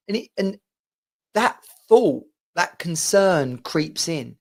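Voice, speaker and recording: A man's voice: high-pitched, animated, a little fast. A middle-aged man from England, talking casually and ramblingly to camera with lots of asides. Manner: chatty and rambling, with frequent asides and restarts. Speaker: vlogger. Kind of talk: casual personal monologue to camera.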